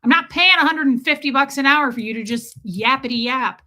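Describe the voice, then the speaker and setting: A woman's voice: high voice, brisk, pushed and bright. A woman hosting a casual livestream, chatty and joking, with sarcastic asides and lots of "like". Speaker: livestream host. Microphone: streaming microphone.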